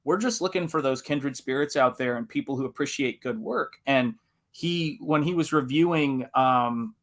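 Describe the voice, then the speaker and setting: A man hosting a live stream in casual chat, animated and laughing often, speaking in a General American accent. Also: mid-range voice, moderate pace. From United States. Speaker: livestream host.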